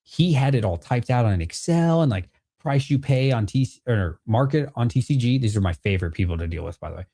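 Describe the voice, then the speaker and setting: A father who sells cards and hosts his own channel casually tells viewers about a haggle, swearing freely and acting out both sides of the deal. His mid-range voice is animated, warm, and a little fast.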